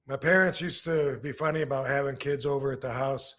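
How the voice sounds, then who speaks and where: A man's voice: medium pitch, fairly even intonation, fairly quick, a bit bright. A man in his fifties from Michigan, hosting a casual podcast chat and telling a long story, repeating words and acting out old quotes. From Michigan, USA. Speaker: podcast host, former wrestler.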